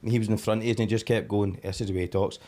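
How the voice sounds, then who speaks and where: Fast-talking low-voiced Scottish man. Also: steady tone, background noise. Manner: rambling storyteller, broad slang. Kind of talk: casual chat.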